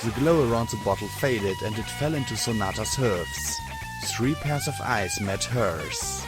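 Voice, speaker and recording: A man narrating an audiobook in a low voice, slow and measured. Music plays clearly underneath him. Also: expressive. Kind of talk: scripted narration. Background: background music.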